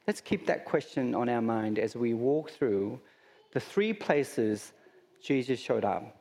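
A man's voice: mid-range voice, animated, slow pace, creaky, warm tone, in a large hall. A man with an Australian accent preaching a sermon in a conversational way, with rhetorical questions and humorous asides. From Sydney, Australia. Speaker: pastor.

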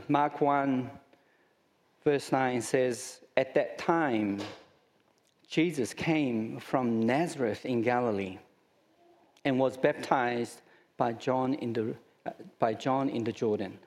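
A man's voice: mid-range voice, slow pace, pauses often, darkish tone, in a large hall. A man with an Australian accent preaching a sermon in a conversational way, with rhetorical questions and humorous asides. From Sydney, Australia. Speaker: pastor.

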